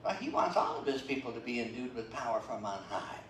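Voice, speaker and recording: A man's voice: medium pitch, expressive, brisk, fairly bright tone. Man, older, pastor, chatty sermon, reverberant hall, faint background hiss. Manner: conversational preaching with many fillers and check-ins. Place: church sanctuary. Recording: roomy, distant church livestream.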